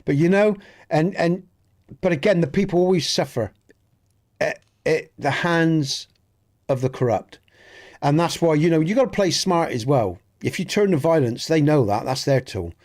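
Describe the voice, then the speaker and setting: Game streamer, male, southwest Dorset accent, a touch higher than most men, earnest and rambling with live chat. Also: normal speed, darkish tone. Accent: Dorset, Southwest England. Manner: rambling, earnest, repeats and restarts words. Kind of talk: casual chat with live viewers.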